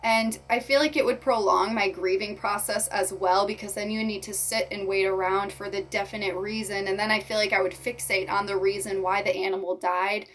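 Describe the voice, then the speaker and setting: A young woman talking to her viewers in a personal vlog, speaking sincerely and haltingly while holding back tears. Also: medium pitch, fairly even intonation, a bit bright, slight background noise. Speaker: reptile keeper vlogger. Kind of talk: emotional personal vlog talk.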